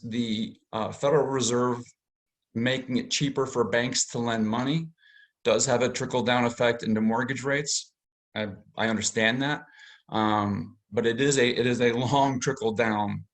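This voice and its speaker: A man, a mortgage lender, explaining financing to realtors in a webinar presentation, with frequent fillers and restarts. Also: lowish voice.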